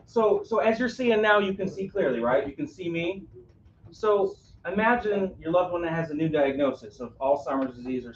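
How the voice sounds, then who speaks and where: A man's voice: sits high, a little mellow, a little hiss or hum. A man presenting a caregiving workshop to a live audience on a cruise ship, engaging the room with questions and a frequent "right?". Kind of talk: live interactive workshop talk. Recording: roomy, distant, dull audio.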